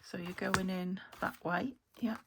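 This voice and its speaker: A British woman crafting a journal, talking to herself as she works and often trailing into soft half-whispers. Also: on the low side, steady tone, a little slow, slight background noise. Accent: British English. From United Kingdom. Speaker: craft channel host. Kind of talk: casual crafting commentary.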